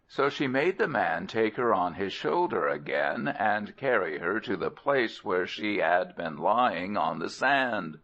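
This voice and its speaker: Slow, low-voiced male storyteller. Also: sing-song, fairly bright tone. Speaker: audiobook narrator. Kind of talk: storybook narration. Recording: dull lo-fi recording.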